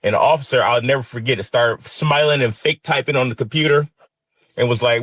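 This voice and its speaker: A man's voice: mid-range voice, a little fast, a bit bright, no echo. A man in his fifties from Detroit telling a personal story with intense, emotional, vivid retelling. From Detroit, USA.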